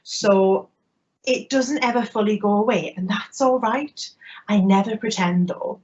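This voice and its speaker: Sex: woman. Style: humorous keynote storytelling. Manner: lively, self-mocking. Pitch: mid. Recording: muffled, lo-fi online audio. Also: a little slow. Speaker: keynote speaker. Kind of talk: humorous personal storytelling talk.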